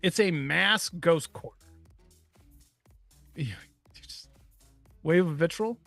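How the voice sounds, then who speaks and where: A man's voice: fairly high pitch, slow, creaky, a bit bright, dry recording, faint music behind. Crude, joking podcast guy. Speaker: podcast co-host. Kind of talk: casual chat.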